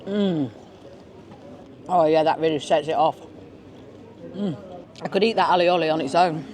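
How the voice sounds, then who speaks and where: A woman's voice: low-pitched, measured pace, a little mellow. A woman vlogging at a beachfront restaurant, chatting casually as she tastes tapas and hums her approval at each bite. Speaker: food vlogger. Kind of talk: casual food-tasting commentary. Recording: busy restaurant crowd behind.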